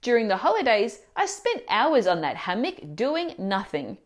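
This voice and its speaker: Woman, language teacher, scripted lesson narration, lively up-and-down delivery, clear explanations. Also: fairly high pitch, moderate pace. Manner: clear, explanatory, asks the viewer questions.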